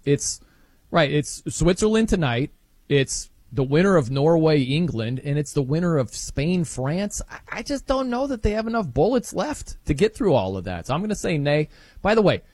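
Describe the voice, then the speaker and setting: A man hosts a sports radio show and reads ads in a brisk, upbeat way. His voice sits a little high, and the studio sound is dry and close. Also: very animated, a little mellow, husky, dry recording.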